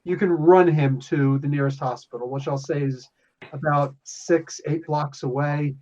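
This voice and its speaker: A man runs a tabletop game, his voice sitting a little high. He jokes and laughs often as he narrates, and the recording sounds dull and lo-fi. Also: steady tone, unhurried, darkish tone. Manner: laughing often, loose and joking. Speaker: game master.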